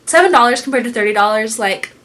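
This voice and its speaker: A woman's voice: on the high side, expressive, fast, fairly bright tone. Chatty young woman gushing over makeup. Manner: gushing, rambling, lots of fillers and laughs. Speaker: beauty vlogger. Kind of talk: casual chatty product review. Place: home room.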